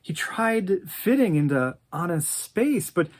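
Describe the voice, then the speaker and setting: A woman in her forties tells a personal memory in an animated, dramatic way, stammering as she restarts her sentences. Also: lowish voice, takes it slowly. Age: 40s. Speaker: oral history interviewee. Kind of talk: personal storytelling.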